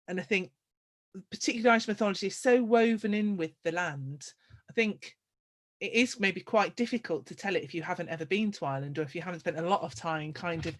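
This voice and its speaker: A woman hosting an interview, thinking aloud in a thoughtful, hesitant way. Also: fairly low pitch. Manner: thoughtful, hesitant, restarts phrases. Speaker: host. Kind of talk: conversational interview.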